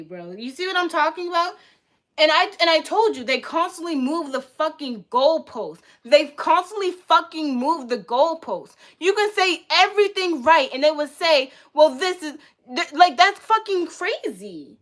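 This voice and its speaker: A woman's voice: high-pitched, animated, moderate pace, fairly bright tone. A young woman livestreaming, reacting in a heated, profane rant and repeating herself, in casual live-stream talk.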